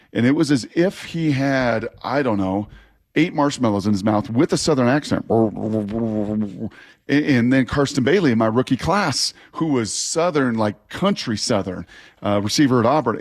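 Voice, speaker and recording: A man in his forties, a former player, co-hosting sports talk radio and telling long, animated stories. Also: medium pitch, normal speed. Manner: animated, rambling storyteller.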